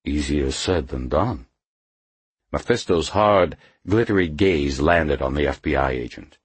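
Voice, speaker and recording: A male narrator reading a thriller audiobook in a deep, husky voice, recorded close. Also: lively intonation, a little slow, no room sound.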